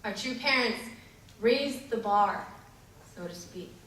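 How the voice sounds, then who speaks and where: A woman's voice: medium pitch, takes it slowly, fairly bright tone. A woman giving a sermon and telling a story, in an earnest way with some fillers and restarts. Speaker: preacher. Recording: echoey hall, distant mic.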